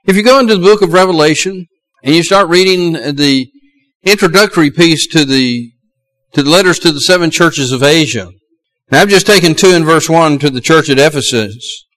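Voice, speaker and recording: A man's voice: on the high side, moderate pace, fairly bright tone, rough recording. A middle-aged man with a Southern US accent preaching a sermon as pastor, earnest and building to emphatic exhortations.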